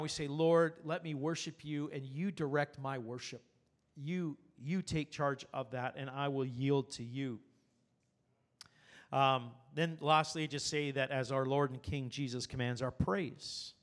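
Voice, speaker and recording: A man preaching a sermon as pastor, earnest and animated, with rhetorical questions. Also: high voice.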